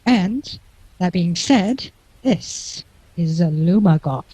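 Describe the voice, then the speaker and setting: A man's voice: sits high, animated, takes it slowly, dark tone, breathy edge, no room sound, poor audio. A man running a tabletop game as game master, chatty and laughing often.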